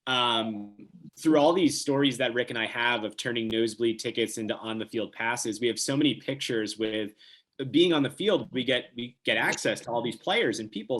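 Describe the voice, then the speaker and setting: A man's voice: mid-range voice, fairly bright tone. A man who is a guest on a podcast, chatting casually in an upbeat, joking way. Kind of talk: casual chat.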